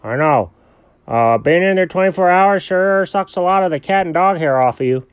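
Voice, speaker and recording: A man's voice: high voice, moderate pace, clean tone, no echo. Easygoing goofy rich dog, played by a man; bouncy, rambling improv delivery, dry close mic. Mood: casual. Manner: lively, rambling, bemused. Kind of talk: improvised audio story.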